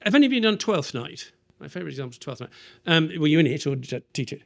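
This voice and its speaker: A British man leading an interactive teaching workshop, playful and animated, asking the audience questions and tapping out verse rhythms aloud. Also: a little high, rapid-fire, vocal fry. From Britain. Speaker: workshop leader.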